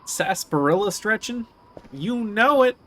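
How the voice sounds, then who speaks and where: A man streaming a game live and chatting casually with his viewers, chatty and excitable and quick to swear. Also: high voice. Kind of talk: casual live-stream chat while gaming.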